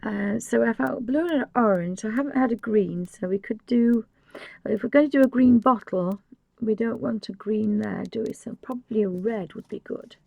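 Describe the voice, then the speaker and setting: Lady painting live at her desk, rambly and apologetic, gravelly voice, dry close sound. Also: a little high, moderate pace, no echo, muffled recording. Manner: soft-spoken, often dropping to a whisper. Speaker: craft channel host. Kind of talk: live painting tutorial, casual chat. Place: home desk.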